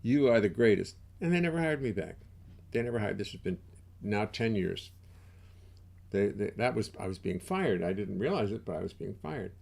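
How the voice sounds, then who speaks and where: A man's voice: lowish voice, expressive, normal speed, vocal fry, a little mellow. An older man hosting a casual livestream from his home studio, chatting in a wry, self-mocking way through a desk mic. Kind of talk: casual rambling livestream chat.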